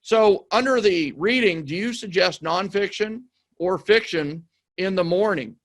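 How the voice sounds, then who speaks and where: A man's voice: high-pitched, measured pace, a bit bright. A man hosting a podcast, asking questions with enthusiasm, often repeating words and urging his listeners on. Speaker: podcast host. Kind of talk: conversational interview.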